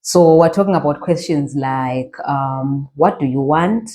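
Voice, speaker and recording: A woman with a Zimbabwean accent teaching a language lesson, repeating phrases slowly and asking the learner rhetorical questions. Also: sits low, dark tone.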